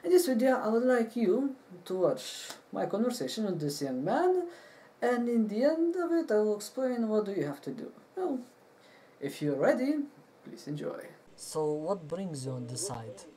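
A man hosting a casual chat, opening with a lively, playful intro and then asking teasing questions. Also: high voice, moderate pace, slight background noise. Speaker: host.

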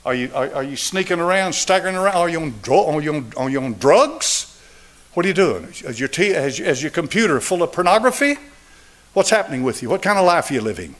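A pastor in his seventies preaches with a slightly raised voice. He hammers phrases through repetition and drops from a forceful pitch to near-hush as he pleads with the congregation. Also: very animated, brisk. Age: 70s. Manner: emphatic, repetitive preaching cadence; swings between raised and hushed delivery. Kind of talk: sermon with altar call.

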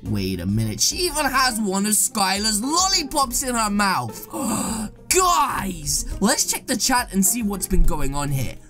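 A woman hosting an excited gameplay commentary video, dramatic and excitable, reacting with exaggerated shock. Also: mid-range voice, measured pace, hardly any pauses, soft background music. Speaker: gaming video host.

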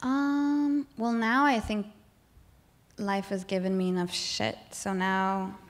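Flat and slow, a Swedish woman in her thirties speaks at a normal pitch as a guest singer interviewed on stage for a live audience. Her candid, casual talk meanders and restarts, filled with "like" and regular laughs.

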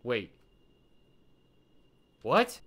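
A young man streaming a horror game, chatting with viewers in slang and yelping and shouting at every scare. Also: very slow, a little hiss or hum. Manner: excitable, yelps and shouts at scares. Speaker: gaming streamer. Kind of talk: live gameplay commentary to chat.

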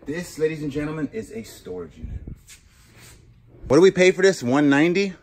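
A man's voice: fairly high pitch, expressive, brisk. A man hosting a vlog, chatting casually and joking while he sorts through a storage unit. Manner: chatty, jokey, thinking out loud. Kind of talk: casual chat to camera.

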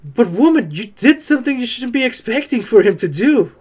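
A YouTuber reacting to an anime, with casual joking commentary and sudden excited outbursts. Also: mid-range voice, fairly quick, breathy edge.

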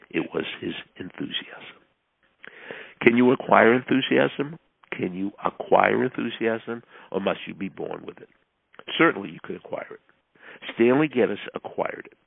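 A man with a husky, gravelly low voice reads a self-help text as a coach would, leaning hard into stressed words and letting others fall away. The sound is thin and tinny like a phone line. The room is dry, with no echo. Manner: emphatic, swinging between loud stresses and quiet asides. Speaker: motivational coach. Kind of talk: reading a self-help book aloud.

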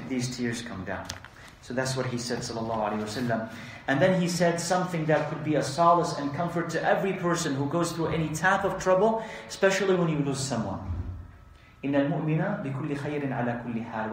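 A man giving an Islamic lesson, reading Arabic texts quickly and explaining them in English with frequent rhetorical questions. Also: a little high, slight background noise. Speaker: Islamic teacher. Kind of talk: religious lesson explaining hadith. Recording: very echoey room.

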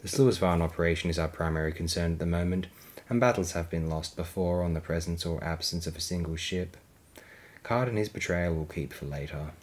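Guy reading as a cold alien admiral, low and soft, quiet menace in every word. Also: fairly quick. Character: cold calculating alien male grand admiral.

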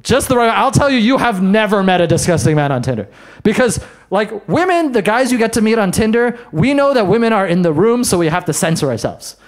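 A man doing a stand-up set in a comedy bar, brash and self-mocking, with quick asides to the crowd. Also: high-pitched, sing-song. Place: comedy bar in front of a live audience.

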